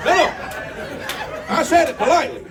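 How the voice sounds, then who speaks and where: A man's voice: very high-pitched, expressive, normal speed, background noise. A man doing stand-up comedy, telling folksy stories, chatting with the crowd and singing a few comic bits. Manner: folksy storytelling, crowd banter. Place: comedy club stage. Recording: distant mic, live crowd and guitar. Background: audience laughter and guitar.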